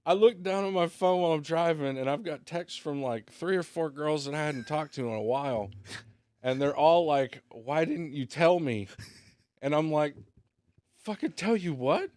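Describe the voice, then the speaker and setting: A man's voice: fairly high pitch, lively intonation, normal speed, a little mellow, no room sound, studio quality. A man who is a guest on a casual podcast, telling stories in a laid-back way and swearing a lot. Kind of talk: casual chat, storytelling.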